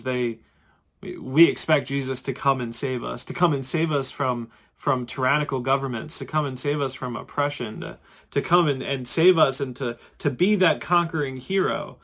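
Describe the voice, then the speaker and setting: A man's voice: medium pitch, normal speed, a bit bright. A male pastor preaching a sermon in a conversational way, often repeating and restarting words.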